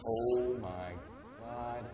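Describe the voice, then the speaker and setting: A man's voice: medium pitch, completely flat delivery, very slow, heavy background noise. A man muttering nervously and swearing while playing through a hard level. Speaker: player attempting a game level. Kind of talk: casual gameplay chatter. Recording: echoey room with loud music.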